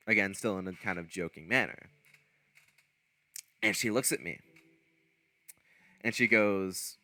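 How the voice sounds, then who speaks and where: With a deep, sing-song voice and a sharp tone, this streamer speaks at a moderate pace, leaving long pauses, in an echo-free recording. He rambles through a lengthy casual story full of fillers, restarts, and self-corrections, laughing at himself along the way.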